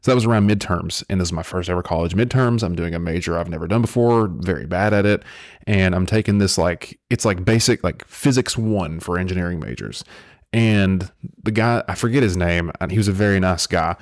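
A man's voice: deep voice, brisk, dry recording, studio quality. A young man, the podcast host, telling stories in a rambling, casual way, full of fillers and restarts. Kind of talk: casual storytelling chat.

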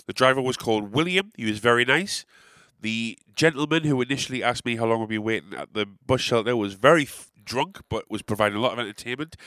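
A young Englishman with an English accent tells a story in a loose, rambling way, full of swearing and dry sarcastic asides. His voice sits at a middling pitch for a man. The recording is close and dry, with almost no room sound. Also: sharp tone, no room sound. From England. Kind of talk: casual anecdote telling.

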